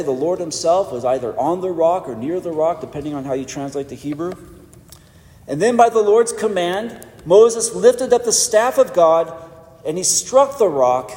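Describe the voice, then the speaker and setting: A man preaching a sermon in a measured, emphatic way with pauses for weight. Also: on the high side, expressive, mellow. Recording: echoey church hall.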